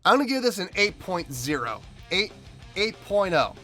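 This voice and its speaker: A man's voice: sits high, sing-song, normal speed, sharp tone. A man hosting a music reaction video, talking emphatically and repeating himself as he rants.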